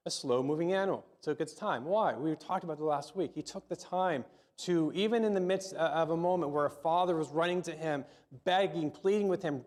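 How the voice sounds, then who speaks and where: Speaking fairly quickly with a slightly high voice, a middle-aged pastor delivers a sermon in a loose, chatty style. He frequently repeats words and puts questions to the congregation.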